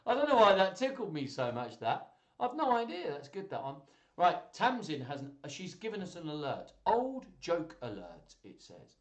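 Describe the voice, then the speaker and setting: A man hosts a children's live stream, reading out viewers' jokes and laughing easily at them. His voice swings widely in pitch as he chats. The room adds a noticeable echo. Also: moderate pace. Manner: chatty, laughs at jokes, lively delivery. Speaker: host of a live children's joke and story stream.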